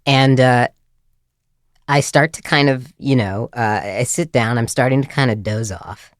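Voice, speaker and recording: A man telling an embarrassing story in casual podcast chat, animated and self-deprecating, full of "like" and "right?". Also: medium pitch, a little slow, no room sound, studio quality. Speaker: podcast co-host.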